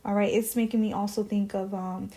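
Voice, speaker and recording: Lady reading tarot cards, mellow soft voice, chatty and musing, whispers the cards. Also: mid-range voice, little pitch movement, fairly quick. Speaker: tarot card reader.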